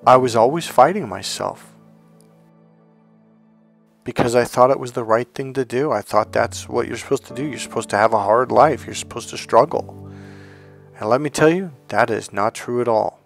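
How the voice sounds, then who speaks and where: Animated man giving a motivational talk. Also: mid-range voice, normal speed, gravelly, faint music behind. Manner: animated and conversational, acts out quotes. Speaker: self-help speaker. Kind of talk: motivational talk with personal stories.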